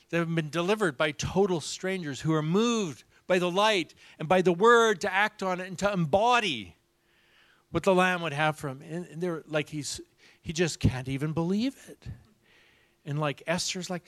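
A man preaching a sermon, animated, acting out the people in his stories. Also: high voice, dry recording. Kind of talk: sermon storytelling.

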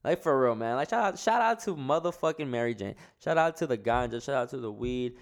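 Stoned guy hosting his own podcast, cussing a lot, rambly, smooth clear voice. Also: mid-range voice, expressive, a little fast. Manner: rambling, profane, slangy. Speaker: podcast host. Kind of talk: casual solo podcast monologue.

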